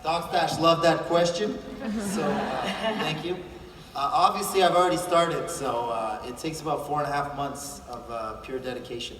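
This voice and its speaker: A man's voice: a little high, normal speed. A man on a convention panel, joking and teasing his castmates. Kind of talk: casual panel chat. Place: large convention hall. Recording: echoey hall from far off, loud noise.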